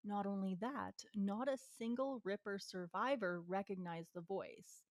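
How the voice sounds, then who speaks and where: Woman co-host, curious questioner, steady case narration, dry mic. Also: medium pitch, unhurried, no room sound. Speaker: podcast co-host. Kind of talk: casual true-crime chat and case narration.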